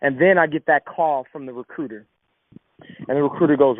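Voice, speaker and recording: Speaking on the high side and fairly quickly, this young Southern Californian pauses often as he sincerely recounts his own story of struggle and faith. It's a personal testimony captured with thin, phone-like sound.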